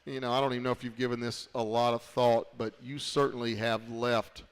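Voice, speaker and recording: A man's voice: mid-range voice, level tone, a little fast, clear, resonant tone, in a large hall. A man hosting a live radio show, affectionate and getting emotional as he asks his guest questions. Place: bar and grill.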